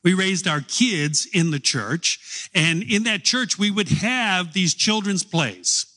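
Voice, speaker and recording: A middle-aged man preaching a sermon, telling stories slowly with long pauses. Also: high voice, lively intonation, pushed and bright. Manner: slow storytelling with long pauses.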